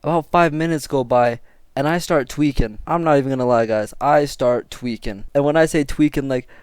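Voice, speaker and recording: Young guy vlogging a storytime, smooth clear voice, dry close mic, slangy and swearing, gets all worked up. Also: on the high side, brisk, no room sound. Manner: excitable, slangy, swears freely. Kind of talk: casual storytelling to camera.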